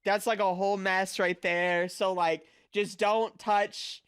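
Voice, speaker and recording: A man's voice: high voice, little pitch movement, takes it slowly, a bit bright, clean tone. A young man streaming as a VTuber, chatting casually with viewers in a rambling, crude, flustered way full of fillers.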